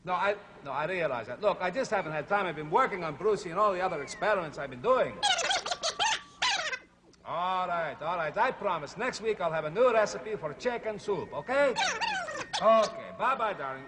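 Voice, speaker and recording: A man's voice: high-pitched, lively intonation, moderate pace, very noisy. A man hosting a horror comedy show, talking in a mock-grand, exasperated way.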